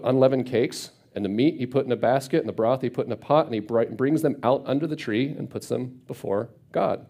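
A man's voice: medium pitch, warm tone. A man teaching a Bible passage casually, reading verses and retelling them in everyday speech. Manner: conversational, paraphrases scripture in everyday speech.

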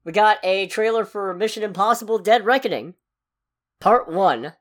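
A woman co-hosting a casual podcast, her voice sitting at an ordinary middle pitch. She talks with a sarcastic bite, ranting about things that annoy her. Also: expressive, normal speed. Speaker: podcast co-host. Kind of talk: casual chat.

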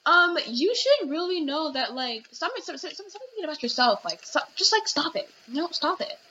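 A young woman hosts a casual podcast recorded at home, rambling in commentary with many restarts and fillers. Her high voice is sing-song, pushed and bright, at normal speed, and the lo-fi audio is dull with faint noise.

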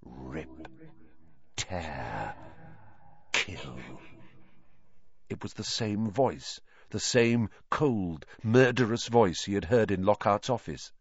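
A man narrating a fantasy audiobook with expressive storytelling. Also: lowish voice, unhurried, hardly any pauses, dry recording. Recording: dry, slightly dull recording.

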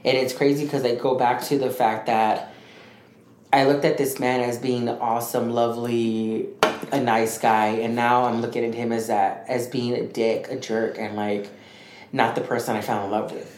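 A man co-hosting a podcast, telling a story in a rambling, animated way and acting out what others said. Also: medium pitch, normal speed. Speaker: podcast co-host. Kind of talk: casual storytelling chat. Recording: echoey room with faint noise.

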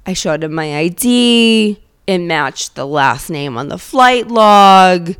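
A woman's voice: lowish voice, animated, slow pace, fairly bright tone, clean tone, no echo. A woman hosting a podcast from her car with a handheld microphone, a little under the weather and nasal, rambling sarcastically and swearing freely. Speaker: podcast host. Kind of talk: casual comedic monologue. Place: inside her car, driving.

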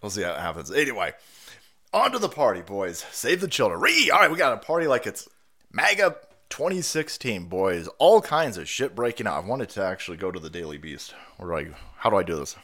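Hosting a laid-back livestream while congested and a little breathless from a cold, a man rambles in a sarcastic, foul-mouthed manner. His lowish voice is sharp, fairly quick, and full of big pitch swings.

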